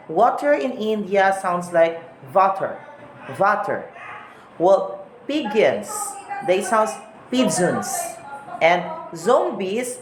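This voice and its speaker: Woman teacher, slow careful lesson, lowish voice, echoey room w faint hum. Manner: slow, repeats example words to model pronunciation. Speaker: English teacher. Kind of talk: recorded lesson on English accents.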